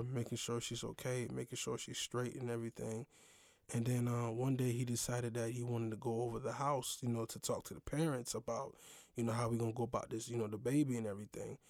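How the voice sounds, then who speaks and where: A man's voice: medium pitch, dry recording, studio quality. Slangy young man telling a story. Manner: slangy, animated, full of fillers. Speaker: podcast host. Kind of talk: casual storytelling.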